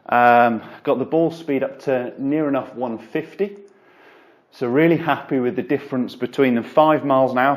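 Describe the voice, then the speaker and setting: A man with a medium-pitched English voice coaches golf in an instructional video, explaining a drill and demonstrating it as he goes. The setting is an indoor golf studio, and his manner is laid-back and talkative, with fillers cropping up often.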